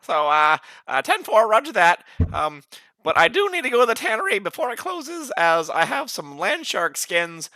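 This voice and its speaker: A man playing a tabletop game, excitable and prone to bursting into shouts. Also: high-pitched, moderate pace, dry recording.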